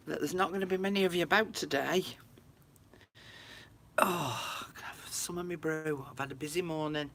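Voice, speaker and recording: A woman's voice: low voice, steady tone, normal speed, a bit bright, slight background noise. A woman chatting casually to viewers on a craft livestream from her room at home. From United Kingdom. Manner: chatty, talks to viewers, frequent laughs.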